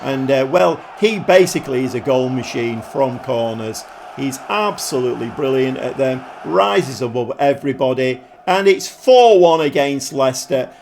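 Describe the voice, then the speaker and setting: A man commentating his football management game like a pundit, breaking into excited outbursts at the goals. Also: medium pitch, moderate pace, vocal fry, a little hiss or hum. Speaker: gaming YouTuber.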